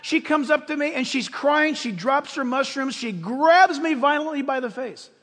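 A man preaching a sermon as pastor, impassioned and emphatic, often rising to shouts in front of his congregation. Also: very high-pitched, moderate pace. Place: church sanctuary with congregation. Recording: long hall reverb.

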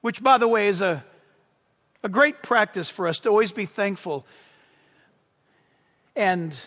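Guy preaching all fired up, yelling w excitement, sharp bright tone, big hall echo. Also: high-pitched, a little slow. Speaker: pastor. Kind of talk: sermon.

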